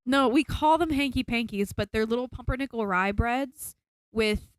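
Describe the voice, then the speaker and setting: A woman's voice: on the high side, moderate pace, dry recording. Young woman, slight Southern US lilt, casual podcast co-host, chatty, dry close-mic sound. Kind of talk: casual chat.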